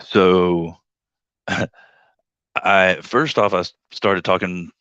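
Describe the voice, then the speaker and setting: A man's voice: low-pitched, steady tone, drawn-out words, a bit bright, smooth, no echo, highs cut off. A man telling a rideshare story on his livestream in a rambling, joking way, acting out the voices of the people he quotes. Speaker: livestream host and rideshare driver.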